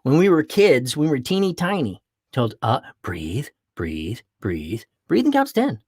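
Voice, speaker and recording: An animated man delivers a motivational talk in a mid-pitched voice. He breaks into playful acted voices to make his points. The sound is close and dry, with no room echo. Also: measured pace, slightly rough. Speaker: podcast host.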